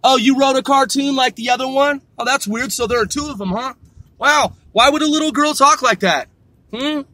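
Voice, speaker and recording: Man with a high, bright voice, heated sarcastic rant, heavy cursing, in his car. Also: normal speed, no echo. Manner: heated, sarcastic, swears constantly. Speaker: podcast host. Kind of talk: profane ranting monologue.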